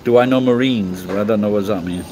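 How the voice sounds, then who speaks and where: A man's voice: fairly low pitch, fairly quick, rough recording. A middle-aged man from England chatting casually on a livestream, rambling and swearing bluntly as he answers comments. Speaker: livestream host.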